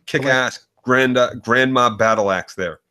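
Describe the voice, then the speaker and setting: A man co-hosting a casual podcast chat, retelling scenes in an animated, profane way. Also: medium pitch, measured pace. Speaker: co-host.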